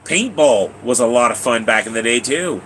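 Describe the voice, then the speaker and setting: A man's voice: medium pitch, animated, normal speed, a bit bright, a little hiss or hum, rough recording. A man live streaming, telling long rambling stories to his chat, repeating himself, laughing and swearing casually.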